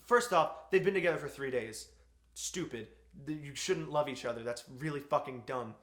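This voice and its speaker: A man's voice: mid-range voice, normal speed, fairly bright tone. A man giving an exasperated, profanity-laced film review rant. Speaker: movie reviewer. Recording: echoey room.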